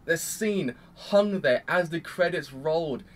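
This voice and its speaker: A man giving a casual, rambling review of an anime episode, excitable and full of fillers. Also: on the high side, measured pace. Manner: rambling and excitable, heavy use of "like".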